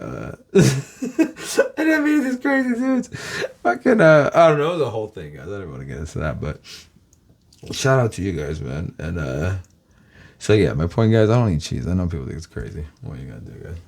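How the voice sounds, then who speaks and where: A man's voice: deep voice, sing-song, moderate pace, a little mellow. A man from Los Angeles, a YouTuber, rambling casually to his viewers, swearing constantly and calling them guys.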